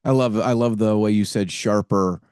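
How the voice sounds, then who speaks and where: Low-voiced podcast host, dry sound. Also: male voice, steady tone, moderate pace, a little mellow, smooth, dry recording. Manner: enthusiastic, stumbling restarts. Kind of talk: conversational podcast interview.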